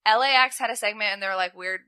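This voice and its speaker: A woman's voice: mid-range voice, fast, clean tone, dry recording. A young woman co-hosting a podcast, chatting casually and retelling scenes with playful acted-out quotes. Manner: animated storytelling, acts out quotes in playful voices. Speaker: podcast co-host. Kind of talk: casual chat recapping wrestling.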